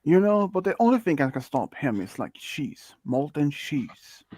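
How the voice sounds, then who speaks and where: A man's voice: a little high, very animated, moderate pace, a little mellow, no echo. A man from Sweden hosting a casual stream, chatting and asking his guests questions with many fillers. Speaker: streamer host.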